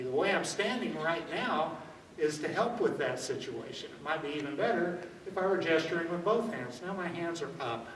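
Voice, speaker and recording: A man leads a self-defense workshop in a loose, demonstrative way, often checking in with "okay?". His voice is fairly high and bright. He's picked up from a distance in an echoey room. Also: slight background noise.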